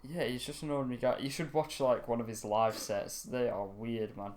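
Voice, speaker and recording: A man's voice: mid-range voice, fairly even intonation, fairly quick, a little mellow. A young man co-hosting a podcast in casual chat, opinionated and laughing often. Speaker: podcast co-host.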